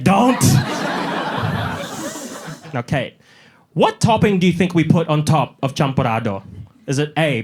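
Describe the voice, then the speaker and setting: Lively young male stand-up comic. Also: on the high side. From New Zealand. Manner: animated storytelling, mocks up little voices. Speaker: stand-up comedian. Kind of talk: stand-up comedy set. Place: live comedy venue with an audience.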